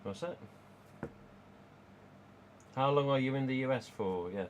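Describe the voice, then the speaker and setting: A man's voice: mid-range voice, measured pace, slight background noise. A man, casually chatting and rambling on a live stream from home. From England. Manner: rambling, chatty, reads out chat.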